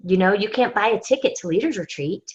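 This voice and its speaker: A woman's voice: mid-range voice, expressive, fast talker. Earnest woman on a lo-fi call. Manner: earnest, faith-driven, storytelling with quoted asides. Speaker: team leader. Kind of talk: team call recap. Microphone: conference call.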